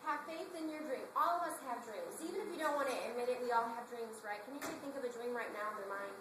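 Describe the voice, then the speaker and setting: A woman giving a chatty sales pitch at a meeting, telling stories and asking the audience questions. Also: rapid-fire. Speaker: sales director recruiting at a meeting. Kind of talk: animated sales presentation to a group. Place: meeting room before an audience. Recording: echoey room with noise.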